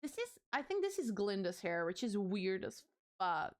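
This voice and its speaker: A woman's voice: mid-range voice, sing-song, normal speed. A young woman chatting casually on a live stream as she builds, rambling and talking to her chat, her voice a little strained. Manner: chatty, rambling, self-described yapper.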